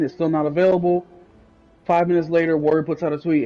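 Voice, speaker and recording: Blunt, ranting podcast co-host. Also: male voice, on the high side, steady tone, quick pace, mellow, lo-fi sound, soft background music. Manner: ranting, blunt, swears freely. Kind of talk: casual gaming podcast chat.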